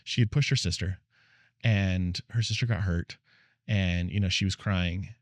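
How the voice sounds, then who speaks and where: A man's voice: low-pitched, fairly even intonation, a little slow, no echo. A man in his thirties, a podcast guest, talking earnestly in casual conversation and acting out quoted lines as he tells stories. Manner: earnest, storytelling, acts out quotes. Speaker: podcast guest, marriage researcher.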